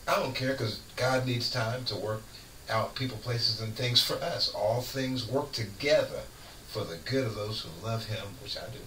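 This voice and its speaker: A man who is a guest on a radio show, preaching in casual chat with fervent, lively storytelling. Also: medium pitch. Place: radio studio. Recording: echoey room, far from mic, faint noise.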